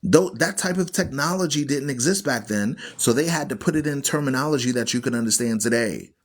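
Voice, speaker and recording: A man's voice: medium pitch, expressive, fairly quick. A man hosting an online Bible radio show, teaching scripture in an emphatic, preachy way and repeating phrases for stress. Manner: preachy, argues with viewers.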